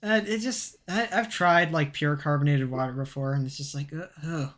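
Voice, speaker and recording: A man's voice: fairly high pitch, expressive, moderate pace, a bit bright. A man co-hosting a podcast in casual chat, telling stories in a rambling way with lots of fillers and laughter. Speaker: podcast co-host.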